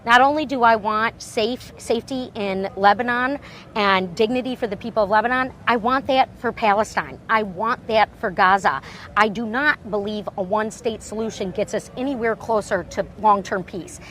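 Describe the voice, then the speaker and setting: Woman politician, Michigan twang, folksy evasive interview answers, mid-range pitch, faint noise behind. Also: moderate pace, a bit bright, poor audio. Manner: evasive, folksy, earnest talking points.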